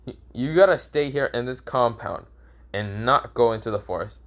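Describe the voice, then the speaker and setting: A man's voice: mid-range voice, normal speed, lightly acted. Man playing a strict old clan head, scolding, barely changed voice. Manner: scolding, demanding. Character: stern older male clan head, grandfather.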